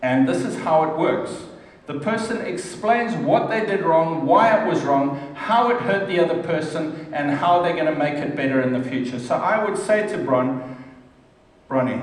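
A man's voice: on the high side, animated, moderate pace. Earnest man preaching in an echoey hall. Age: middle-aged. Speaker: pastor. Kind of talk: sermon. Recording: echoey hall from far off, faint noise.

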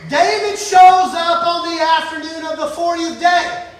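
A man's voice: very high voice, steady tone, a little slow. A man preaching a sermon, telling a story with animation and acting out the scenes. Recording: echoey hall from far off.

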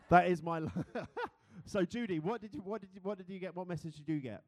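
A young British pastor with a high-pitched voice speaks fairly quickly while preaching a sermon. He's playful and chatty, laughs easily, and leads the congregation in a game.

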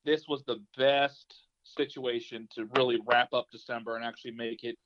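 A young man telling a story on a podcast with loose energy and plenty of swearing, acting out every line of dialogue. His voice sits at an ordinary pitch. The recording is a little dull and lo-fi. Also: moderate pace. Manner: animated storyteller, swears freely, acts out quotes. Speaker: podcast co-host. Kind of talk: casual chat. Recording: slightly dull lo-fi sound.

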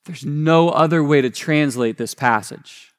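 Man, pastor, sermon, fairly high voice, casual conversational preaching, frequent restarts and self-corrections. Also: measured pace. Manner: retells scripture in casual paraphrase.

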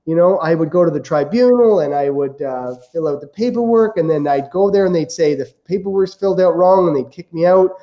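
A man as a podcast guest, telling stories in a lively, amused way. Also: a little high, fairly quick, few pauses, lo-fi sound. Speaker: guest real estate investor. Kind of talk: casual storytelling.

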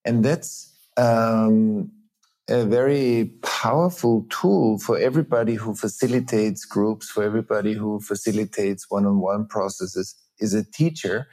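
A middle-aged man, a teacher and facilitator, explaining ideas earnestly in an interview with many pauses and restarts. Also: on the low side, a little mellow. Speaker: teacher and trauma-healing facilitator, guest. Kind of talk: reflective interview talk.

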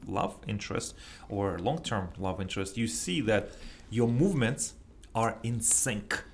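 A man's voice: lowish voice, expressive, a little slow. A man hosting a casual talk show, speaking eagerly in a coaching way and often finishing his co-host's sentences. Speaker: host. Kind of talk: casual chat.

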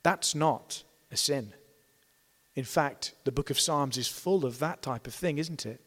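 A man's voice: medium pitch, a little slow, a bit bright, in a large hall. A man preaching a sermon, earnest, asking rhetorical questions and acting out the complaints of a crowd in raised tones.

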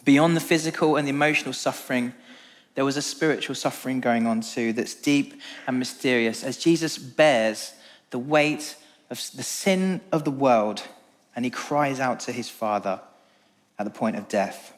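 A man preaching a sermon and reading scripture aloud, earnest and measured, dropping low and slow for emphasis. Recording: long reverb of a large hall.

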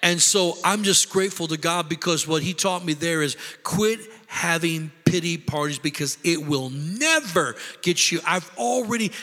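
Recorded with long hall reverb, a middle-aged man preaches as pastor in a forceful, bright voice on the high side. He keeps a moderate pace with hardly any pauses, staying impassioned and conversational and repeating lines for emphasis.

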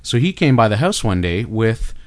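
A man's voice: lowish voice, sing-song, moderate pace, dry recording. A middle-aged Canadian man with a Canadian accent, chatting as an interview guest, rambling and enthusiastic with many fillers and restarts. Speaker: guest artist. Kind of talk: casual interview chat.

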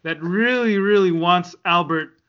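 A man's voice: high-pitched, unhurried, clean tone. A man co-hosting a podcast in casual chat, rambling and joking with frequent laughs. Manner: rambling, jokey, laughs often. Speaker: podcast co-host. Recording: dull lo-fi sound.

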